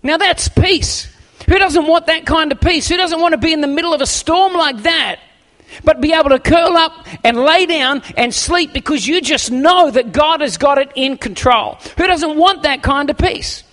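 A middle-aged pastor preaching a sermon, animated and acting out quotes, often restarting his words. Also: very high voice, normal speed. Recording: long hall reverb.

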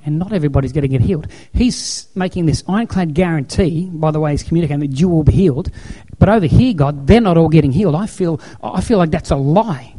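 Mellow-voiced male preacher, emphatic storyteller. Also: a little high. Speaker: pastor. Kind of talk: sermon.

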